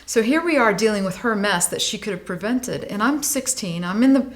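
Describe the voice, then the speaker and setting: A woman in her late forties, a guest in an interview, tells a personal story with animated delivery. Her voice swings up and down as the tale goes along. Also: medium pitch, brisk. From United States. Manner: animated, vivid storyteller, voice rising and falling with the tale. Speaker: guest, animal welfare advocate.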